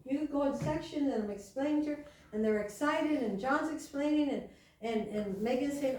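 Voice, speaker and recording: A woman with a high voice preaches a sermon in a loose, storytelling way, leaning on slow, stretched-out lines for emphasis. She is picked up from well back in a big, booming hall with a faint hiss underneath. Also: darkish tone, recorded from a distance.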